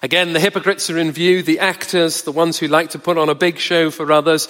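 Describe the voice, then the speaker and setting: A man preaching a sermon in a measured, wry, conversational way, slowing down to stress words. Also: on the high side, a bit bright. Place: church hall. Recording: long reverb of a church hall.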